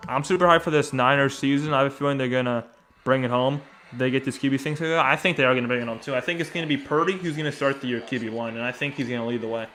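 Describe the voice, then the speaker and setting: A man giving casual live baseball play-by-play, chatting with viewers and reacting excitedly between pitches. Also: racing, faint music behind. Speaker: live sports commentator.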